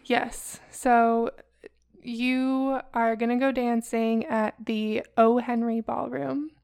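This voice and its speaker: A chatty woman from the area with a slightly high, smooth and clear voice. She talks casually and laughs easily while walking a friend through a story. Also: little pitch movement, slow, a little mellow. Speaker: podcast co-host telling a ghost story. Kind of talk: casual chat.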